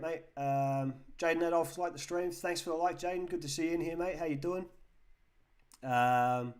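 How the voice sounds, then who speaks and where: English male stream host, relaxed and chatty, reads out and answers chat comments. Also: a little high. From England. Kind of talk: casual live-stream chat reading comments.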